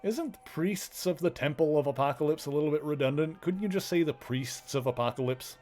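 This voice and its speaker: A man's voice: on the high side, fairly quick, a little mellow, faint music behind. A man casually commenting while he plays a video game, chatty and joking, with lots of filler words. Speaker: streamer. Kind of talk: casual let's play commentary.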